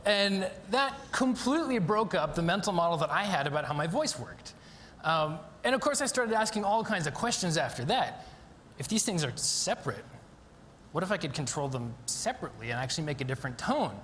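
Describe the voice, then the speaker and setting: A man's voice: fairly high pitch, big pitch swings, a little fast, a bit bright, slight background noise. A man giving a live conference talk, explaining a demonstration eagerly with frequent ums and restarts, in a university lecture hall. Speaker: conference speaker.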